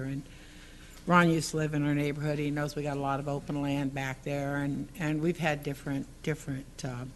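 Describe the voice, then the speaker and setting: Woman, public commenter at a council podium, earnest and halting, with faint room noise. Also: sits low. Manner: earnest, halting, rambling with restarts. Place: council chamber.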